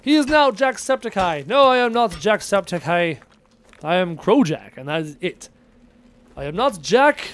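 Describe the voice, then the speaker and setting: A man's voice: high voice, sing-song, moderate pace. A young man live-streaming a game, casually reading chat messages aloud and answering them playfully. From Irish descent.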